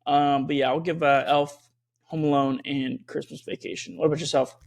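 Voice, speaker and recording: A man's voice: a little high, little pitch movement, normal speed, creaky, darkish tone. A man co-hosting a podcast in a laid-back, joking, casual way. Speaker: podcast co-host.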